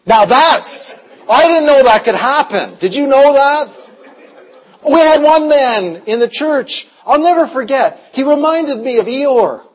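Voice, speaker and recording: A man preaching a revival sermon, telling stories in an animated way, his voice swinging between loud and hushed. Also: very high voice, a little slow. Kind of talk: storytelling sermon.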